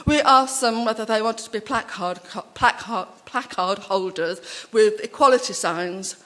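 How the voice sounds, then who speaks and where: A woman speaking at a conference, telling personal anecdotes in a chatty, animated way with many asides. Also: mid-range voice, a little slow.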